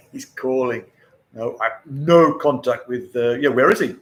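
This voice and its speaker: Chatting casually with livestream viewers, an older male host rambles along and laughs frequently. He speaks at a medium pitch and a little slowly.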